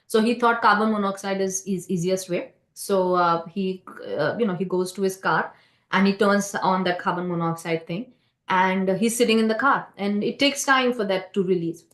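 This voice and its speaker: A woman leads a scripture class in a temple hall, her medium-pitched voice steady and the room echoey. Her conversational storytelling is halting, full of fillers and restarts, and she keeps checking in with "right?"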